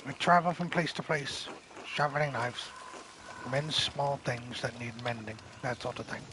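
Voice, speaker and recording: A man voicing a curious, soft-spoken traveling tinker, with game nature sounds behind him. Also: mid-range voice, normal speed, background noise, lightly acted. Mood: earnest.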